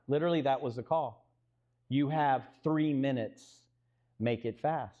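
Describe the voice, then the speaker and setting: The sound is phone-quality with a noisy background, and the mid-range male voice is slow. He's a Texan real estate co-founder recounting a business story on stage, animatedly performing the dialogue and asking the crowd questions.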